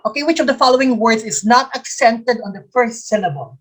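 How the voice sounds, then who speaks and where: A woman's voice: on the high side, brisk. A woman with a Filipino accent teaching a live exam review quiz, repeating each question and answer and slipping into Tagalog. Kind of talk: live online quiz coaching.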